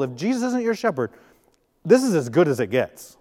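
A man preaches in a higher-pitched voice, keeping it conversational and joking, sometimes acting out short quotes. His voice rings out with long reverb, as if in a large church hall. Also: sing-song, moderate pace, dark tone. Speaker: pastor. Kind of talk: sermon.

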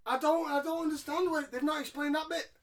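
A man's voice: very high-pitched, steady tone, fairly quick, fairly bright tone. A man co-hosting a podcast, recapping wrestling in a sarcastic, jokey, swearing way. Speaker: podcast co-host. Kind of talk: casual wrestling recap chat.

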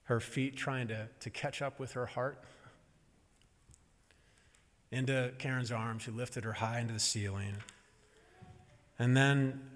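Middle-aged man telling a story in a hall. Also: medium pitch. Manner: animated, acts out quoted voices, pauses for effect. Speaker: speaker telling a family story to an audience. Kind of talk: storytelling talk on stage.

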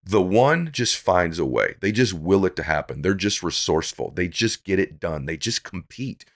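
Deep-voiced earnest motivational man. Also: very animated, normal speed. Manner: earnest, preachy, builds to emphatic peaks. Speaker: podcast guest. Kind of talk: motivational interview talk.

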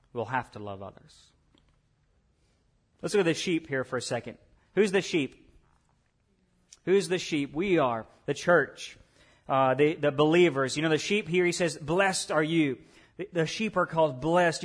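A man preaching a sermon, acting out voices of God and the believers as he tells the story. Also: fairly high pitch. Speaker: pastor.

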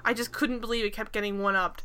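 Woman podcast co-host, bright and fairly high voice, animated and exasperated. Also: fast, clean tone. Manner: animated, laughing, exasperated retelling. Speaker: podcast co-host recapping a sitcom. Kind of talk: casual chat.

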